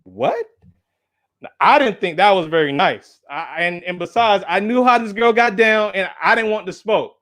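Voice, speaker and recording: Very high-voiced man telling a lively story. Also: moderate pace, few pauses. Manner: animated, speaks straight to the audience with "y'all" and "right?"; acts out small voices when quoting people in a story. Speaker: guest speaker and engineer. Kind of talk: lively storytelling talk at a symposium.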